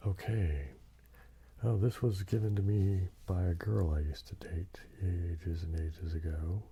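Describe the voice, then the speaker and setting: An older man hosting a soft-spoken ASMR show and tell, slipping into whispers and rambling with tag questions. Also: low-pitched, fairly even intonation, a little slow, husky. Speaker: ASMR host.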